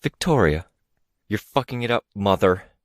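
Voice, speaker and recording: A man's voice: lowish voice, lively intonation, normal speed, dry recording, clean studio sound, voice pushed up, lightly acted. A man reading an audiobook, voicing a distraught young woman who speaks in a strangled, breathless whisper, bitter and accusing.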